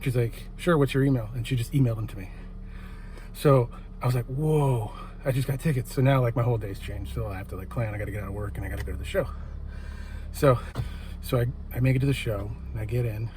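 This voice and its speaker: Man, out of breath, excited rambling vlog, noisy background, mid-pitched voice. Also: fast. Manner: animated, rambling with fillers. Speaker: vlogger. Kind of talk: excited casual storytelling. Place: parked car.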